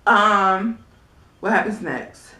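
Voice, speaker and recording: Sassy, animated woman in an echoey room. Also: medium pitch, extremely slow. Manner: sassy, blunt, animated, laughs often. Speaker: reality TV recap vlogger. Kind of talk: casual sassy episode review.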